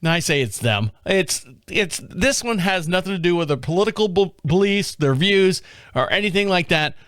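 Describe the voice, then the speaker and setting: High-voiced man hosting a jokey podcast. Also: lively intonation, moderate pace, a bit bright, clear, resonant tone, no room sound, clean studio sound. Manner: jokey asides, stumbles over words. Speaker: podcast host. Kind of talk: casual commentary reading news stories.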